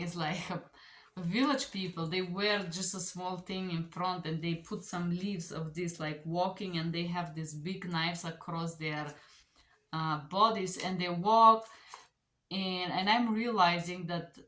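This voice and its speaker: A woman language teacher telling a story in a casual, animated way, with phrasing. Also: lowish voice. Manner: animated, chatty, non-native phrasing. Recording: echoey room.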